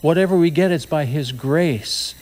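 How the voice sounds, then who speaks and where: A man preaching a sermon in a conversational way, with asides and slow, emphatic phrases. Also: on the high side, a little mellow. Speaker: pastor.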